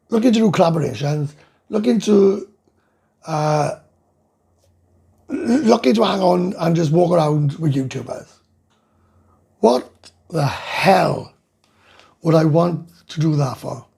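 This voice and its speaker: Gravelly, husky Welsh man ranting. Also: fairly high pitch, dark tone. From Wales. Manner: blunt, sweary, ranting, reads viewer comments aloud. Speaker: livestream host reading chat. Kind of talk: casual live chat.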